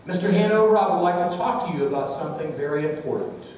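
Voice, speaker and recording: Man doing an earnest young ex-soldier, highish, roomy echo, far from the mic. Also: quick pace, a little mellow, a little hiss or hum, natural voice. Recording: echoey church hall, distant mic.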